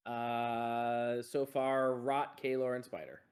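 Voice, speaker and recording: A man's voice: medium pitch, smooth. Casual male dungeon master. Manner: relaxed, with frequent filler pauses. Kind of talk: running a tabletop game.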